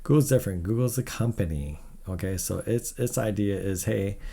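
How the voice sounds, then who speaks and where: A man with a low, gravelly voice and a dark, mellow tone talks through financial numbers in a loose, rambling way. He sounds worn out and openly skeptical, giving blunt verdicts between yawns. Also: moderate pace. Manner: blunt, skeptical, rambling asides, keeps yawning. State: tired. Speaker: tech video host. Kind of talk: casual commentary reading financial figures.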